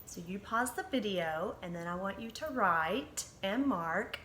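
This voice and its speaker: Slow, patient woman teacher. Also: mid-range voice, expressive, fairly bright tone, slight background noise. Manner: slow, deliberate dictation, spelling out letters one at a time; patient and encouraging. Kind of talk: remote spelling lesson for young pupils.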